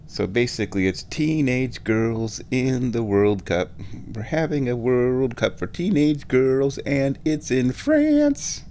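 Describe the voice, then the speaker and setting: A man's voice: mid-range voice, sing-song, slow, dark tone, slight background noise. A drowsy man rambling casually to his viewers at home, chuckling often, his sinuses a bit stuffed. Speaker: vlogger. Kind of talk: rambling casual chat to camera.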